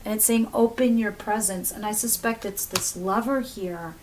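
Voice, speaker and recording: A woman's voice: mid-range voice, moderate pace, a little mellow. A woman giving a casual tarot reading, chatty and swearing freely as she talks to viewers. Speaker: tarot reader.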